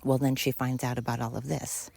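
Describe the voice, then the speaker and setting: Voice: medium pitch, flat delivery, brisk, gravelly, a little mellow. A podcast host telling a friend's story in a casual monologue, emphatic and repetitive, swearing freely.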